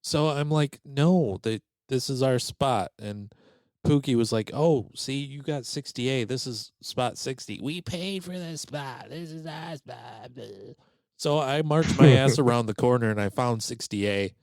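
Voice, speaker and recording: Speaking at a normal speed in a medium-pitched voice, a male podcast host casually narrates a story and performs the quoted voices with animation. There is no room sound on the recording.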